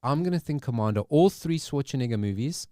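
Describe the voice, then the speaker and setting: A man co-hosting a casual podcast chat, reading movie quiz questions with lively delivery. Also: mid-range voice, brisk, no room sound, clean studio sound. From South Africa. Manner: animated, reads movie quotes aloud. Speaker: podcast co-host.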